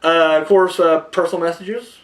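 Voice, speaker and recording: A man's voice: fairly high pitch, normal speed, a crowd in the background. A young man hosting a casual movie podcast, rambling and profane, acting out little scenes as he talks. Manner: rambling, profane, animated storytelling. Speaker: podcast host. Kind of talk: casual chat.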